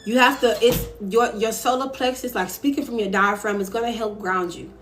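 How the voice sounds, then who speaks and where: A woman's voice: on the high side, fairly even intonation, moderate pace, fairly bright tone, faint music behind. A young adult woman hosting a casual live stream from home, talking emphatically and candidly into her phone while she reads viewer comments aloud. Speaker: live-stream host giving advice.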